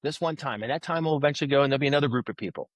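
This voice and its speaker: Animated male storyteller, dry close sound. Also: mid-range voice, rapid-fire, dry recording. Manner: animated storyteller who acts out quoted voices. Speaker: podcast guest, author. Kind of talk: conversational storytelling.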